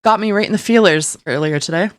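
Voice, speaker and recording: A woman co-hosting a podcast in casual chat, easygoing and quick to laugh. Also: medium pitch. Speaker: podcast co-host.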